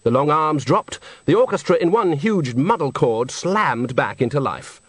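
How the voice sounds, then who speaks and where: Male audiobook narrator, wry and animated, dry close mic. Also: on the high side, measured pace, dry recording. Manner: wry, lively storytelling.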